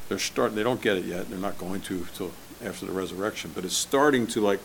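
A man's voice: deep voice, quick pace, vocal fry, hardly any pauses, slight background noise. Conversational male pastor preaching. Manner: conversational, asks the congregation questions. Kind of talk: sermon.

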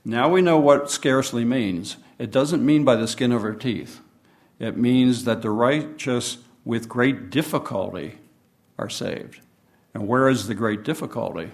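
Man preacher, mid-pitched voice, patient Bible study teaching style. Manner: unhurried teaching, reads and explains scripture.

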